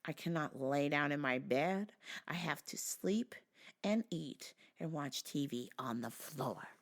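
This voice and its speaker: A mean, self-pitying older widow who drags out every complaint about her pain, as a woman mimics her. Her voice swings widely between highs and lows. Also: animated, measured pace. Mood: whining.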